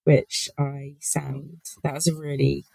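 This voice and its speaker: Guest spot: low-pitched woman, chatty and giggly, dry close-mic sound. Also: level tone, takes it slowly, creaky, dark tone, husky, no echo, rough recording. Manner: giggly, chatty, many fillers. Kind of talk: casual podcast chat.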